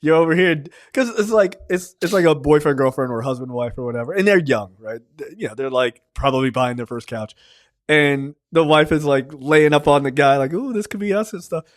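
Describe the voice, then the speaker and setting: A man's voice: on the high side, brisk. A man co-hosting a film review chat, joking with lots of slang and laughter. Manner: lively, laughing, profane slang-heavy banter. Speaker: film review podcast co-host. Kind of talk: casual conversational film discussion.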